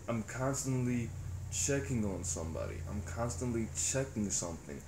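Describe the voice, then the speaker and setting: A man's voice: mid-range voice, lively intonation, normal speed, darkish tone, a little hiss or hum. A young man rambling in a profane, reflective casual monologue as a vlogger. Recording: echoey room with faint ambience.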